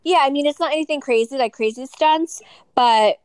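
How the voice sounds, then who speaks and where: A woman in her thirties chatting as a podcast co-host, her voice sitting a little high. She teases bluntly and laughs easily, recorded dry and close with no room sound. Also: normal speed, darkish tone, no echo, poor audio. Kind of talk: casual podcast chat. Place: lying in bed at home.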